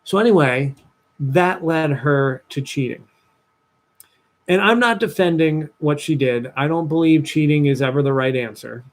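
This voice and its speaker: A young man, a dating coach talking to viewers on a livestream, telling a personal story with lively voiced-out asides. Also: a little slow. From New Jersey, USA. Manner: animated storytelling, acts out his past self in a higher voice.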